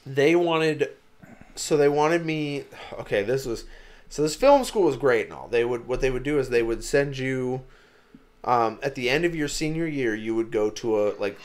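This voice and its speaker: A young man co-hosting a podcast, telling a story in casual chat, animated and profane, acting out what people said. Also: medium pitch. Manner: animated storyteller who acts out quotes, swears freely. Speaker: podcast co-host.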